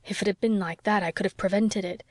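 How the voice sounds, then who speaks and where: A woman's voice: mid-range voice, steady tone, quick pace, no echo, studio quality, close to an everyday voice. A woman voicing a restless, passionate young woman in anguish, read with fervent, pleading delivery in an audiobook. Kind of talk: audiobook character reading.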